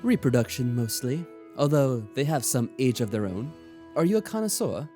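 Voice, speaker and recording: A man's voice: mid-range voice, animated, moderate pace, mellow, faint music behind, close to an everyday voice. A man voicing a courteous, composed wealthy mansion owner while reading a visual novel aloud, trying for a posh tone but staying close to his own voice. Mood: polite, composed. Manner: tries for posh but stays near own voice.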